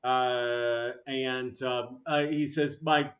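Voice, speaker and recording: A man narrating a tabletop game as game master, halting, with many fillers. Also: mid-range voice, a bit bright.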